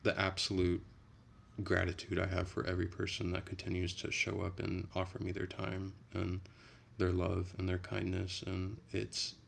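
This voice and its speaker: A young man with a low, gravelly voice talks loosely on a late-night stream, drifting between chat messages in an easy, unhurried way. A faint hiss sits under his voice. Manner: relaxed, rambling, soft-spoken.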